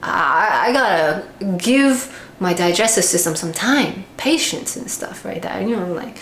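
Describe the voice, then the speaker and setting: A woman's voice: medium pitch, expressive, unhurried, a bit bright. A woman talking candidly in a casual vlog monologue, animatedly acting out her own inner voice. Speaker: vlogger. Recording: echoey room with faint background hiss.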